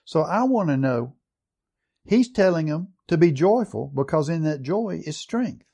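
A male preacher delivering a sermon in a mellow, rounded voice that sits a little higher than most men's. He reads scripture aloud and asks his listeners questions. He slows to a low, deliberate drawl for emphasis, then picks the pace back up. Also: animated, creaky, slightly rough. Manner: drops low and slow for emphasis, then speeds up.

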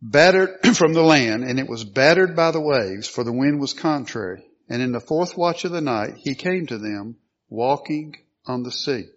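A man preaching a sermon, reading scripture aloud and asking the listeners questions, clearing his throat often. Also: mid-range voice, expressive, moderate pace. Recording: dull lo-fi sound.

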